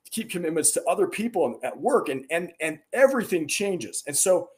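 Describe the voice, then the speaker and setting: Telling stories in a conversational interview, this middle-aged podcast guest speaks earnestly and emphatically, his energy rising in bursts. His voice sits high and has a darkish tone, with big swings in pitch and a brisk pace.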